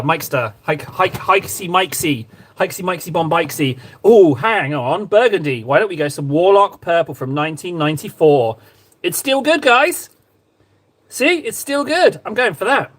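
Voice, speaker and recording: A man with a fairly high voice chats on a live stream as he mixes paints. His pitch swings around a lot as he rambles, jokes and banters with his viewers. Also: fairly bright tone. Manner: playful, rambling, talks to chat while painting. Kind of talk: casual live-stream chat.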